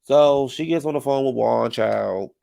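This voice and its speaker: Gravelly-voiced sassy male recapper. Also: mid-range voice, unhurried, warm tone. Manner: sassy and slangy, calling the viewer "child" and "honey". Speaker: YouTube recap commentator. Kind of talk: casual reality-TV recap commentary.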